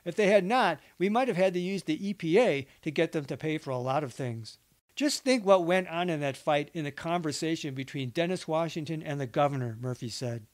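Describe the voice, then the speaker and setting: A man narrating a nonfiction account, reading interview quotes in an even, measured way. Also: on the high side. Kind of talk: documentary book narration.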